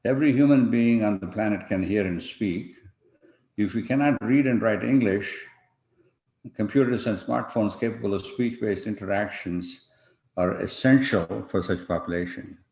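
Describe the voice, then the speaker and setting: A man giving an online conference talk over a video call, pausing often with fillers and restarting his sentences. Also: lowish voice, darkish tone. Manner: halting, many fillers and restarts. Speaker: conference panel speaker. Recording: echoey room.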